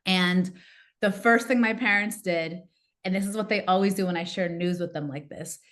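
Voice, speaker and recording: A woman, a coach and podcast guest, telling a personal story in a lively way and acting out what her family said. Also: lowish voice, moderate pace. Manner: animated, acts out quoted family members. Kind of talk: casual interview storytelling.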